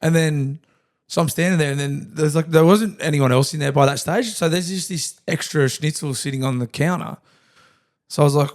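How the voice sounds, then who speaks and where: Laddish young Australian podcast co-host, casual storyteller, drops constant expletives. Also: male voice, on the high side, fairly quick. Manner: laddish, swears a lot, acts out quoted lines.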